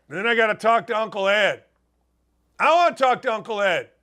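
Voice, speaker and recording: An older man from Indiana hosting a sports talk show, his voice high and bright. He talks in an emphatic, folksy way and keeps wandering off on tangents. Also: lively intonation, fairly quick. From Gary, Indiana.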